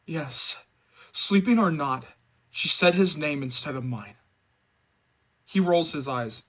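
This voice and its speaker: A man hosting a movie fan channel, reading a book excerpt aloud and then chatting casually about it in an animated way. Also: on the high side, slow, pauses often, low-quality recording. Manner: animated, expressive.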